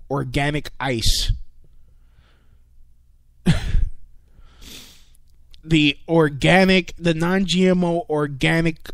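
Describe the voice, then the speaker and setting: On his casual online radio show, a man goes off on a profane, rambling comedic rant, stumbling and restarting with plenty of filler words. His voice sits on the high side. It's studio-quality audio with no room sound.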